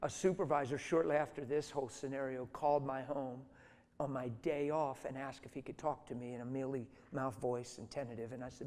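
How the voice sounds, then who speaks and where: A middle-aged man preaching a sermon through stories, dropping to hushed tones and then rising to loud, emphatic lines. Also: medium pitch, steady tone, a little fast. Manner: storytelling, swings from soft and hushed to loud and emphatic. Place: church hall. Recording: reverberant hall.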